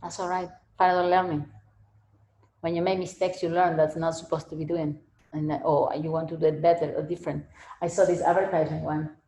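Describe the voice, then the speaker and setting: A woman's voice: low-pitched, flat delivery, a little fast, warm tone, a little hiss or hum. A woman giving a casual spiritual talk and answering questions, rambling and repeating herself, often laughing. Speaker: spiritual teacher. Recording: echoey room.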